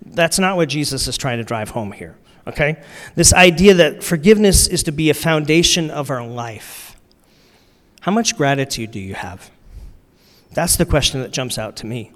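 A man preaching a sermon in a relaxed, conversational way, using slang and repeating his key lines for emphasis. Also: on the high side, moderate pace. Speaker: pastor. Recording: long reverb of a large hall.

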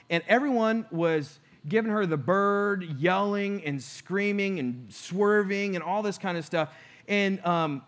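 A man's voice: on the high side, fairly bright tone. A middle-aged man preaching to his church, telling a personal story in an earnest way and acting out his conversations with God. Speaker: pastor.

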